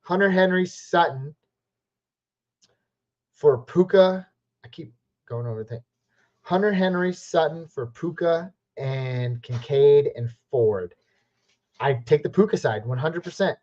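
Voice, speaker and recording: A man from the West Coast hosting a live Q&A stream, chatty and upbeat, giving quick verdicts on viewer questions. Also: on the high side, lively intonation, darkish tone. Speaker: fantasy football live stream host. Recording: slightly muffled lo-fi stream audio.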